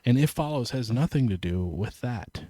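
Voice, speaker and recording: A man's voice: mid-range voice, animated, moderate pace, dark tone, no echo. A man co-hosting a podcast in casual chat, animatedly retelling a film scene, swearing and acting out the lines. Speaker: podcast co-host.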